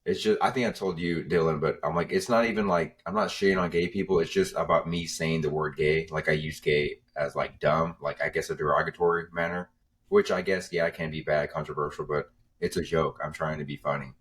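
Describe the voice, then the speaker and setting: A man's voice: a bass voice, steady tone, fairly quick, a bit bright. A young man, a comedian guest on a podcast, telling rambling stories in a laid-back way. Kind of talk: casual podcast chat.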